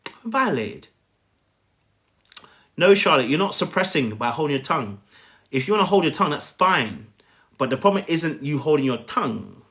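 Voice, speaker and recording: A man's voice: on the high side, very animated, a little fast, a bit bright. Man coaching on a phone live stream, emphatic, keeps saying okay, bouncy voice. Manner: emphatic, often checks in with "okay?"; addresses viewers by name. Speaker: life coach.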